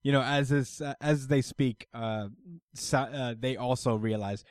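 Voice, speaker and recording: A man's voice: medium pitch, fairly even intonation, measured pace, no room sound, clean studio sound. A man in casual chat recapping a manga, laid-back, full of fillers and jokes, retelling scenes in quotes. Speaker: podcast co-host.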